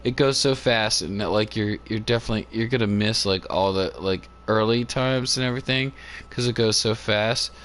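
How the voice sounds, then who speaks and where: A man's voice: on the low side, moderate pace, a bit bright. Rambling man chatting on a livestream. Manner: laughs often, lots of fillers and restarts. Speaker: live streamer. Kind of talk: rambling casual chat. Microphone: phone on a cord.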